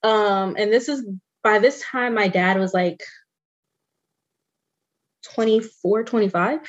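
A woman co-hosting a casual podcast chat, telling family stories in an animated way. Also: mid-range voice, takes it slowly, dull audio. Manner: animated storytelling, mimics relatives' voices. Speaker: podcast co-host.

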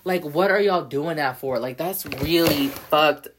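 A woman's voice: sits low, a little slow, background noise. A young woman hosting a solo podcast, ranting heatedly and profanely, filling every sentence with "like" and "bro.". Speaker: podcast host. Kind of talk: casual solo podcast rant.

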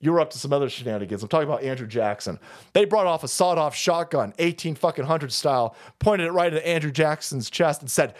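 A man hosting a political talk stream, ranting with heavy profanity, frequent laughter and sudden wild jumps in pitch. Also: expressive, fast. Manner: loud, profane, laughs often, swings pitch wildly. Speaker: political podcast host.

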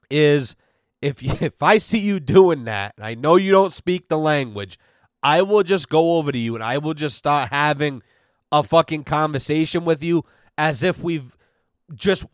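A brash young man spins profane stories on his podcast, acting out both sides of every exchange. His voice sits a bit high for a man, and it comes through close and dry with no room sound. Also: no echo. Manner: brash, animated, heavy swearing, acts out quoted exchanges. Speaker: podcast host. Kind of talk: profane storytelling chat.

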